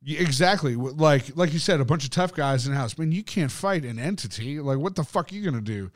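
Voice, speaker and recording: A man's voice: a little high, lively intonation, quick pace, no room sound, studio quality. Profane, rambling podcast co-host, a man. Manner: profane, rambling, lots of fillers. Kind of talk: casual storytelling chat.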